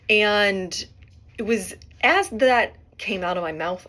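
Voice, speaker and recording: A woman's voice: medium pitch, expressive, takes it slowly, a bit bright. A middle-aged woman hosting a podcast, musing aloud in a rambling solo monologue and often tagging her points with "right?". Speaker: podcast host.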